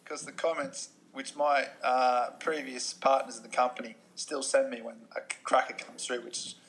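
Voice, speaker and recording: A man's voice: mid-range voice, flat delivery, moderate pace, a bit bright, low-quality recording. A man co-hosting a podcast, talking casually and searching for words. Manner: chatty, hesitant, lots of restarts. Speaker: podcast co-host. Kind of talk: casual chat.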